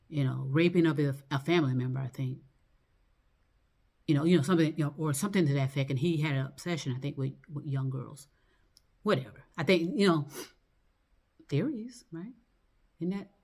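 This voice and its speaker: A woman with a notably low voice talks in a loose, rambling monologue. She drifts between thoughts, circles back on herself and swears freely. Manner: rambling, loose and profane, lots of fillers and laughs.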